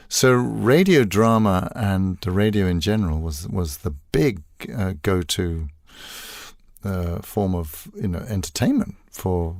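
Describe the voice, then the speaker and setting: A man's voice: on the low side, dry recording, clean studio sound. A man in his sixties from South Africa, a voice actor telling wry anecdotes as an interview guest. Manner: animated, wry, tells anecdotes with playful asides. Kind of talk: casual interview storytelling.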